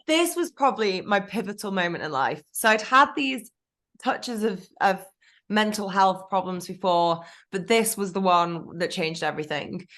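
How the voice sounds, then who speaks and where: Casting: woman, podcast guest, candid and animated storytelling, mid pitch. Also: normal speed. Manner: frank, animated storytelling with self-talk asides.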